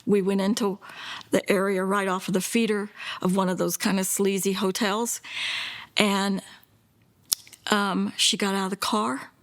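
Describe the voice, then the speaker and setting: An older woman telling her daughter's story in a documentary interview, plainspoken and earnest, slipping into hushed whispers when quoting others. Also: mid-range voice, level tone, a little slow, long pauses. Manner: plainspoken, with self-corrections and small laughs.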